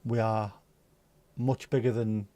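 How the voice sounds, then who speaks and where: A man's voice: lowish voice, flat delivery, slow, warm tone, no room sound. Chatty Scouse man, dry sound. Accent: Liverpool (Scouse). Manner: jokey, rambling, chatty. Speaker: livestream host. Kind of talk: casual livestream chat.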